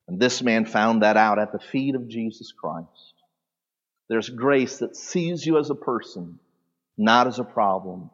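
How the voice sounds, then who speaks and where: A pastor preaching a sermon, teaching animatedly with sudden loud peaks and soft drops, in a large church sanctuary. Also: male voice, on the low side, husky. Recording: long hall reverb, dull lo-fi sound.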